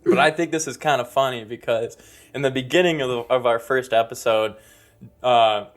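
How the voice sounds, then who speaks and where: A young man co-hosting a podcast in casual chat, giggly and animated. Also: medium pitch, moderate pace, faint music behind. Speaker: podcast co-host.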